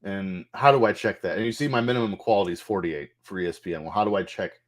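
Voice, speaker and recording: A man's voice: low voice, quick pace. A man casually walking through a wrestling management game's menus, loose and a bit profane, thinking aloud as he goes. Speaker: gameplay streamer. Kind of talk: casual game walkthrough commentary.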